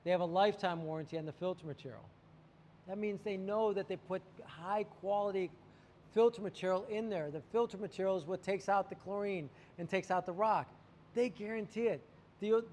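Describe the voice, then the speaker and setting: A man's voice: high-pitched, brisk, a little mellow, big-room sound, a little hiss or hum. A man talking about water treatment to camera, telling a client story animatedly and acting out the quotes. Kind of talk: sales talk to camera.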